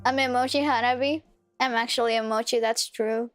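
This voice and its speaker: A woman's voice: a little high, steady tone, brisk, no room sound, faint music behind. A woman streamer chatting casually while playing a game, playful and giggly, often stumbling over her words.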